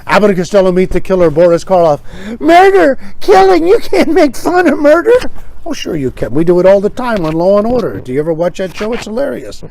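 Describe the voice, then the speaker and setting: High-voiced joking man host. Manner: joking, wry, acts out quoted gags. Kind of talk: casual comedic monologue.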